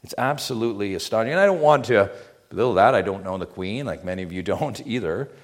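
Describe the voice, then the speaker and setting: A man's voice: fairly low pitch, lively intonation, fast talker. A man preaching a sermon as pastor, emphatic, drawing the congregation in with rhetorical questions he answers himself.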